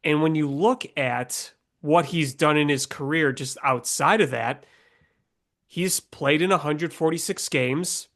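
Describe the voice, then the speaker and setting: A man's voice: a little high, unhurried, a bit bright. A man with a nasal, congested voice from a cold, co-hosting a sports podcast and rambling through player stats. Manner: rambling stats-heavy analysis. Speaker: podcast co-host. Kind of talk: casual sports talk.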